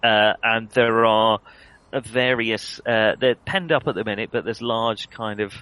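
Man game master, tabletop narration, halting with ums, lowish voice, bright tone. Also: clean tone, dry recording, poor audio. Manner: hesitant, many fillers and self-corrections.

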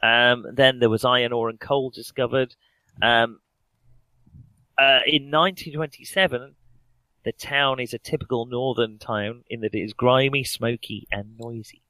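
A man's voice: medium pitch, steady tone, moderate pace, sharp tone, no echo, low-quality recording. A man running a tabletop game as game master, narrating with dry, joking asides.

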